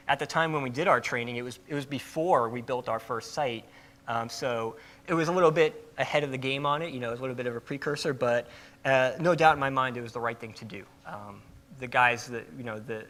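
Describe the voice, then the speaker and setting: A man's voice: medium pitch, a bit bright. A man giving a conference talk in a casual, emphatic way, with many fillers. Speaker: conference presenter.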